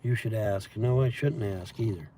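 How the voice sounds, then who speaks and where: A man's voice: on the low side, moderate pace, dark tone, a little hiss or hum. A man hosting a livestream, rambling casually and profanely as he reads and answers chat comments. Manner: profane, meandering storytelling with laughs. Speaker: livestream host reading chat.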